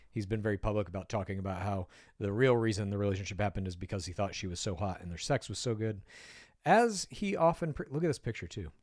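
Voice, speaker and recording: A man's voice: fairly low pitch, a little fast, a little mellow, dry recording, studio quality. A man giving casual, wry commentary while reading an article aloud, often drifting off on tangents and swearing now and then. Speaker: pop culture commentator.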